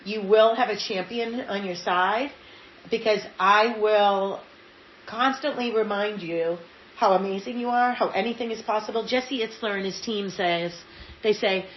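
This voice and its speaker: A woman's voice: mid-range voice, a little slow, slight background noise. A middle-aged woman from Massachusetts, an interview guest telling motivational stories emphatically and acting out the voices of people she quotes. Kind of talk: motivational storytelling in conversation. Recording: echoey room, slightly dull sound, faint ambience.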